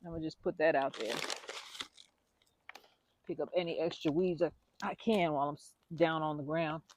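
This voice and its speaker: A woman's voice: deep voice, moderate pace, muffled recording, noisy background. A woman vlogging casually while she works in her garden outdoors, chatty and self-deprecating, out of breath.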